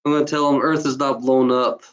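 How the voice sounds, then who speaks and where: A woman from Germany giving an emotional unscripted monologue, out of breath and talking in halting, restarting bursts. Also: very deep voice, level tone. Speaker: channel host.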